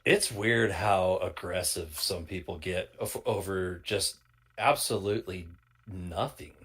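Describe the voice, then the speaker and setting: A man's voice: sits low, measured pace, a bit bright, breathy edge. A man in a casual chat among friends, adding dry, joking asides.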